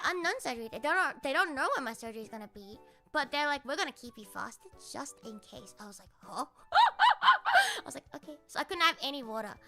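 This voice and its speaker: A young woman streamer telling a story casually, animated and full of swearing, often laughing and mimicking other people. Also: high voice.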